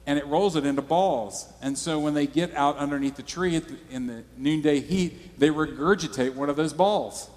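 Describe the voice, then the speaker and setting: A man's voice: fairly high pitch, moderate pace, hardly any pauses, darkish tone, big-room sound. A male pastor preaching a sermon in a church, conversational and storytelling.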